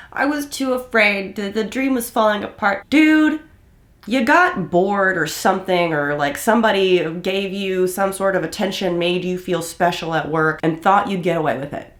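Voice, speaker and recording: A woman with a fairly low voice reacts to a clip in blunt, heated commentary. She swears freely and talks straight at her viewers. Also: moderate pace, few pauses. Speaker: commentary host.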